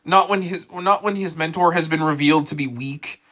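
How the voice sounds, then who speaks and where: Guy rambling about an anime ep, lots of ums and restarts, bright forceful voice. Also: fairly high pitch, a little fast. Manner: rambling, many fillers and restarts, excited. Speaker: anime reviewer. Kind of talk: casual rambling episode review.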